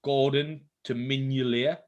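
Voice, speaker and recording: A man's voice: mid-range voice, fairly even intonation, unhurried, dull audio. A man, co-hosting a casual chat over drinks and telling laid-back, sweary anecdotes. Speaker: co-host.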